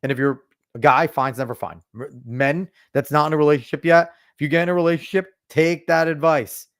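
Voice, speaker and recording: A man's voice: fairly high pitch, steady tone, a little fast. A man hosting a podcast, ranting bluntly and with plenty of swearing, lecturing his listeners emphatically in casual commentary. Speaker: podcast host.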